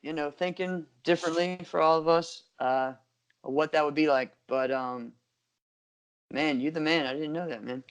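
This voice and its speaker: Male co-host, slightly high, smooth resonant voice, quick reactions. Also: fairly even intonation. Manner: reacts with short exclamations. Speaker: podcast co-host. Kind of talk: casual chat.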